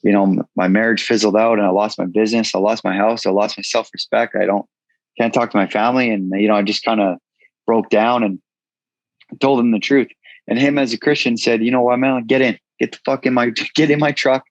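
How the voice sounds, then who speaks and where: Blunt male interview guest, low voice, dry slightly muffled recording. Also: steady tone, fairly quick, dry recording. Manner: frank, casual, swears freely. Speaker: guest, entrepreneur. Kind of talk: candid storytelling interview.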